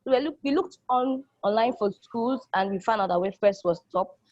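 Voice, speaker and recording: A woman's voice: on the high side, moderate pace, darkish tone, no room sound. A young woman, a college student speaking in an enthusiastic, casual testimonial that repeats phrases for emphasis. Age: young adult. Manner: enthusiastic, repeats phrases, acts out quoted people. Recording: dull lo-fi dry recording.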